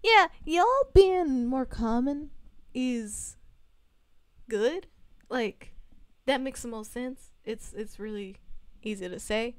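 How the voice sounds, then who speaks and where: Young woman streamer, slight Southern US accent, slow and unhurried, smooth and close with a dry sound; giggly, rambling chat. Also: fairly high pitch, no echo. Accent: subtle Southern US. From Southern United States. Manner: giggly, rambling, laughs often. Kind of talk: casual livestream chat with chat readers.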